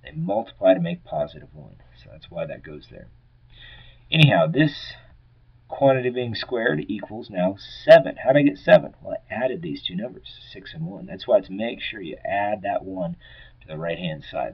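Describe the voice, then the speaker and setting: Low husky man explaining math steps. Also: expressive, moderate pace, muffled recording. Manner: casual, step-by-step explaining with trailing-off phrase ends. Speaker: math teacher. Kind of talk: recorded lesson working problems aloud.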